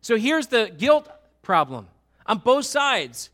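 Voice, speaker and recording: A middle-aged man preaching a sermon, animated and acting out little voices of churchgoers to make his points. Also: very high-pitched, slow. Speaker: pastor.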